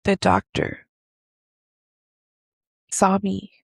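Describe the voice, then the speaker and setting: A woman podcast host slowly telling a personal, emotional story in a confessional way. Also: medium pitch, monotone, gravelly, husky, no echo.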